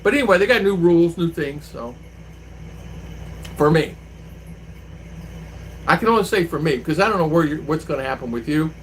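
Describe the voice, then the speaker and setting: A man's voice: on the high side, normal speed, pauses often, rough recording. A man telling a story in casual vlog style, acting out the voices of the people in it, recorded outdoors with faint traffic behind him. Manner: animated, mimics voices when retelling exchanges. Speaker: vlogger. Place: outdoors, riding an e-bike.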